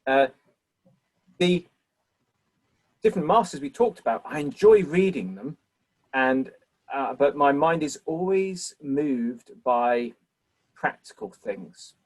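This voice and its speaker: A man's voice: a little high, expressive, slow pace, pauses often. Thoughtful male lecturer, rambling. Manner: thoughtful, rambling with many fillers. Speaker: lecturer answering questions. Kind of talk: reflective Q&A answer.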